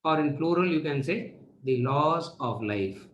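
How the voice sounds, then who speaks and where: A man gives a lecture to students, asking rhetorical questions and answering them. His voice sits a little high for a man. The recording carries a noticeable room echo. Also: expressive, measured pace, highs cut off. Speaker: spiritual teacher. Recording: echoey room.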